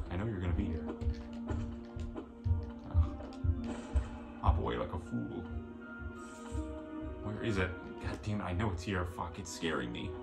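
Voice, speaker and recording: A man with a low voice and vocal fry gives let's play commentary, exasperated, swearing at enemies and mocking himself as he plays. The mic is distant in an echoey room, with loud game music in the background.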